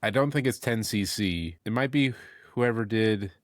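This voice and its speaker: A man co-hosting a podcast in casual comedic chat, delivering deadpan one-liners. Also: on the low side, normal speed, no echo, clean studio sound. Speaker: podcast co-host.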